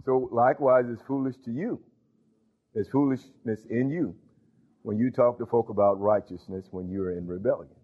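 A man's voice: mid-range voice, normal speed. A man preaching a sermon, emphatic, with call-and-response interjections. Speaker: pastor. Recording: tinny phone-like sound.

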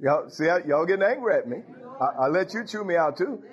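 A man's voice: a little high, lively intonation, a little fast, breathy edge. A man preaching a sermon in a conversational, teasing way, laughing and making asides to the congregation. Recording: dull lo-fi recording.

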